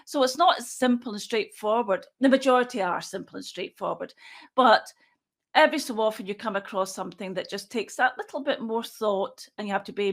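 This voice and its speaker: A forensic pathologist in her sixties answers interview questions in a measured, matter-of-fact way, thinking aloud as she goes. Her voice sits in the mid range.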